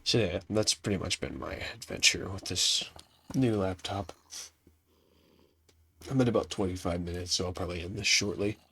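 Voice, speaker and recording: Young man, congested, very low voice, gravelly, rambling casual gameplay chat. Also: moderate pace, long pauses, sharp tone. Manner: rambling, offhand, self-deprecating. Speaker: gaming youtuber. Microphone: laptop setup.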